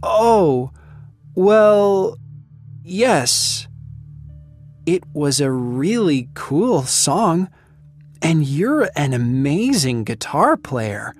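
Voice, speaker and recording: A woman's voice: deep voice, big pitch swings, drawn-out words, pauses often, slightly rough, faint music behind, heavily acted. A woman voicing an eager, cheerful teenage girl who lives next door, in a storybook reading. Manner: bright, cheerful, talkative.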